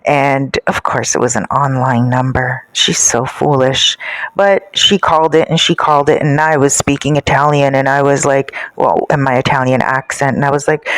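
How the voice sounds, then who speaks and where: A woman narrating a dark first-person story in a casual, gossipy, self-satisfied way. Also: a bass voice, steady tone, moderate pace, no room sound, low-quality recording.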